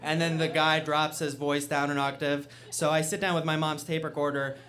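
A man from Russia telling a self-mocking story on stage before an audience, building to loud punchlines. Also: on the high side, level tone, moderate pace, a little hiss or hum.

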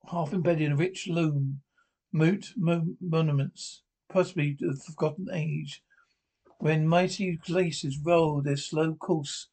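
A man reading a classic adventure novel aloud as narrator, halting often and restarting words. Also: fairly high pitch, a little mellow, low-quality recording. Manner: halting, frequent restarts and stumbles. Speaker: audiobook narrator.

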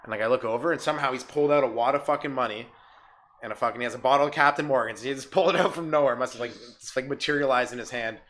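A man's voice: mid-range voice, rapid-fire, fairly bright tone, a little hiss or hum. A young man telling a rambling, crude story in casual podcast chat, swearing a lot. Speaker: podcast host.

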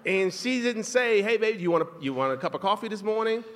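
A man with a slightly raised pitch tells a relationship story on a live podcast, chuckling as he goes. His voice carries the long reverb of a venue hall. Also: brisk, slight background noise. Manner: laughing, animated storytelling. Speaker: podcast co-host.

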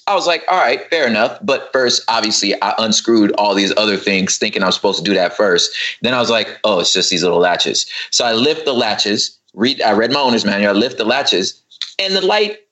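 A man's voice: mid-range voice, sing-song, fairly quick, bright, forceful tone, low-quality recording. A man in casual podcast chat, telling a story with animation and acting out his own frustration. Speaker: podcast guest.

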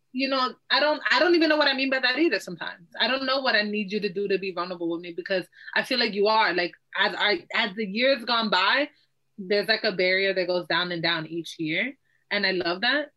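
Bright, chatty young woman. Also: medium pitch, low-quality recording. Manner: open, chatty, oversharing. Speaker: podcast co-host. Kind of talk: casual chat.

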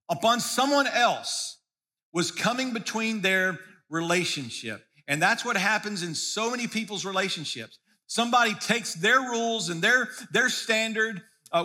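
A man's voice: sits high, pushed and bright. A man preaching a sermon as pastor, in a conversational way that often restarts and repeats words.

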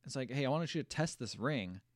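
A man's voice: medium pitch, fairly quick, no echo, studio quality. A man casually recapping a film on a podcast, acting out the characters' lines with swearing and mock voices. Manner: animated storytelling, acts out lines with mocking quotes, swears. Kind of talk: casual chat.

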